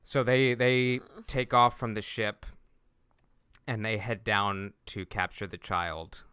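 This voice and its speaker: Man, podcast co-host, bright tense tone, smooth resonant voice, casual recap chat. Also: lowish voice, steady tone, no room sound, clean studio sound. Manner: recapping scenes at length with quick self-restarts.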